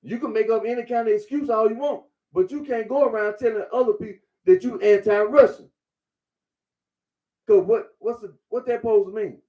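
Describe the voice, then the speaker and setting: A man's voice: high voice, moderate pace, warm tone. A man giving a blunt, repetitive monologue, lecturing the listener directly. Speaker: commentator. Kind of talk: casual monologue.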